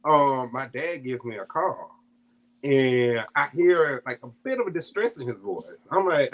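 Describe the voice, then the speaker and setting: A man telling a personal family story in a casual, animated way, laughing often and acting out what his family said. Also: fairly high pitch, moderate pace. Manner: acts out quoted family voices. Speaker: guest storyteller.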